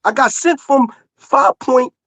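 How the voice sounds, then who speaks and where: A man's voice: extremely high pitch, slow pace, fairly bright tone, dry recording. A man, arguing heatedly in casual talk, insistent and repeating himself to be heard. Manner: insistent, repeats himself, talks over others.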